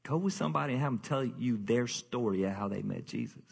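A man preaching a sermon, animated and jokey, sometimes jumping into high excited bursts. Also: fast talker. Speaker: pastor. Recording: husky voice in a reverberant hall.

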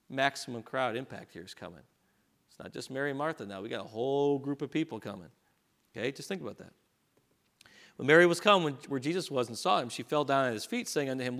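Preacher guy reading scripture then explaining, bright forceful voice, bit high. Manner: reads scripture aloud with rising emphasis, then drops to a quiet aside.

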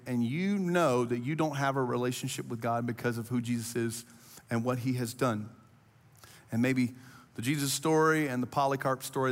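A man's voice: medium pitch, long reverb tail. A man preaching a sermon as pastor, earnest and conversational, building to impassioned rising appeals. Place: church auditorium.

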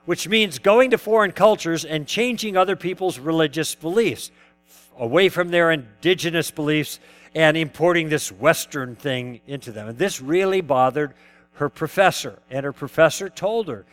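Male lecturer, high voice, anecdotal teaching style with rhetorical questions. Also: moderate pace, a bit bright, faint music behind. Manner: acts out both sides of past dialogues, poses questions to the audience. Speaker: lecturer teaching conversation tactics. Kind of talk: lecture told through personal anecdotes.

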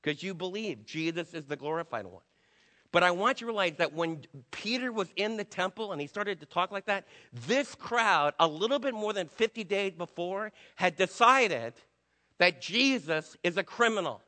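A man's voice: sits high, animated, normal speed, sharp tone, long reverb tail. A man preaching a sermon to his church in an emphatic, conversational way, acting out quotes. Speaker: pastor.

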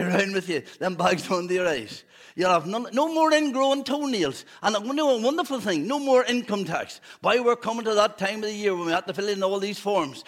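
A man's voice: high-pitched, a bit bright. A man preaching a fervent evening sermon in church, with humorous asides.

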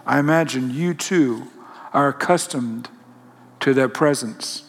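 A man telling a reflective first-person story in a musing, halting way, often correcting himself. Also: mid-range voice, slight background noise. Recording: long hall reverb.

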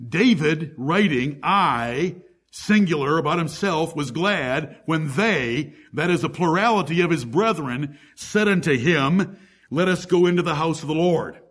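A man's voice: fairly high pitch, animated, moderate pace, fairly bright tone, breathy edge. A male pastor preaching a sermon to his congregation, reading scripture aloud and stressing key words.

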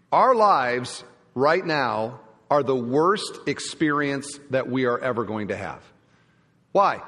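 A pastor with a fairly high-pitched, fairly bright voice preaches emphatically in a church sanctuary, posing rhetorical question after question to his congregation, with long hall reverb in the recording.

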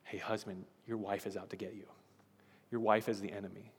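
A man's voice: a little high, animated, moderate pace, in a large hall. A man voicing a sly male devil who whispers lies in a hissing, insinuating tone. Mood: scheming.

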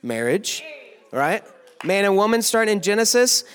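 Young guy preaching to teens, high voice, jokey and teasing, big echoey hall. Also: very animated, fairly bright tone, smooth. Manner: playful, teasing, quick asides to the crowd. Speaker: youth pastor. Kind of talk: joking youth sermon. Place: large worship hall with a live audience.

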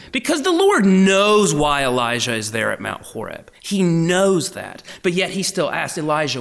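A man preaching a sermon as a campus minister, swinging between loud animated emphasis and hushed whispers. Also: mid-range voice, creaky.

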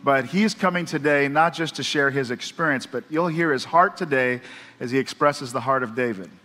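A man's voice: medium pitch, normal speed. A man introducing the guest speaker at a church, upbeat and building up to the welcome. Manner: upbeat, warm build-up to applause. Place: church sanctuary. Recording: church hall reverb.

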